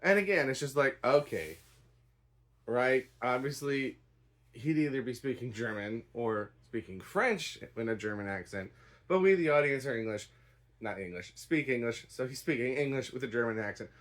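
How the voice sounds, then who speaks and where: A man's voice: mid-range voice, lively intonation, moderate pace, fairly bright tone. A man giving a casual spoken review of a stage play, rambling and hedging with a dry, unimpressed tone. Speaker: theatre reviewer.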